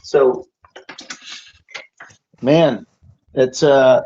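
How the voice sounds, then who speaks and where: A man hosting a casual podcast chat, excitable and rambling, saying dude a lot. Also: medium pitch, extremely slow. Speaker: podcast host, comic book publisher. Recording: dull lo-fi audio.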